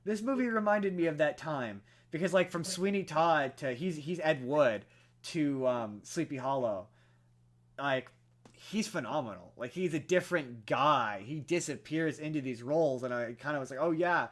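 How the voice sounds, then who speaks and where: A young man co-hosting a podcast, telling a film story in casual chat, full of fillers and restarts and growing animated as he goes. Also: a little high, moderate pace. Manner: rambling with many fillers and restarts, animated when excited. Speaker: podcast co-host.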